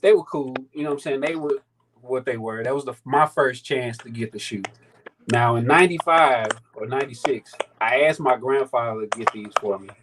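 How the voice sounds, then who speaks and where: A man in his thirties from St. Louis tells a sneaker story, swearing freely in a loose, animated way. His voice sits in a middle register. A faint hiss of noise runs behind him. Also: medium pitch, normal speed. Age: 30s. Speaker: sneaker battle contestant. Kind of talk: casual storytelling chat.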